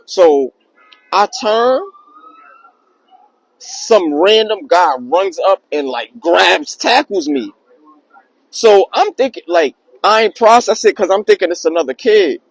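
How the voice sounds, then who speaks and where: Young man, high voice, slangy, animated, casual story vlog. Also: slow pace, pauses often, low-quality recording. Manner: slangy, animated retelling with acted quotes. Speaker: vlogger telling a personal story.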